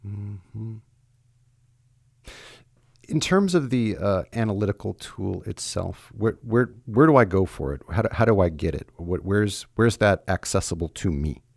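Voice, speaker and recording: Very low, gravelly-voiced male podcast host. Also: animated, measured pace, a little mellow, no room sound, clean studio sound. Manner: asks long, winding questions. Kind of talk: interview questions.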